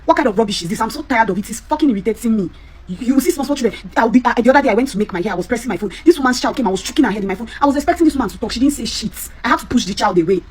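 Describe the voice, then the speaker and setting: A woman in an angry rant, scolding and exasperated, shouting in bursts. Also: fairly high pitch, lively intonation, racing. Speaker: clip speaker. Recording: faint background noise.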